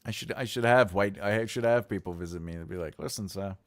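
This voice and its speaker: A man's voice: sits low, a little fast. A middle-aged man hosting a casual livestream, playful and laughing often, with bursts of mock-epic proclamation. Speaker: livestream host.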